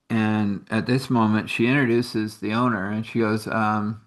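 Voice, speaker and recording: A man's voice: lowish voice, steady tone, normal speed, few pauses, echoey room. A man casually telling a faith story, rambling along and acting out the dialogue of the people in it. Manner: rambling, acts out quoted dialogue.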